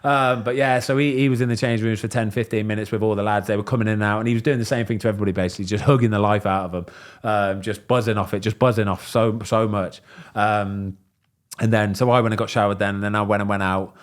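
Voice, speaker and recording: A man, hosting a podcast and chatting casually, telling stories in a lively way and acting out what people said. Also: fairly low pitch, fast talker. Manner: animated storyteller, voices quoted people. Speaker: podcast host. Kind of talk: casual chat.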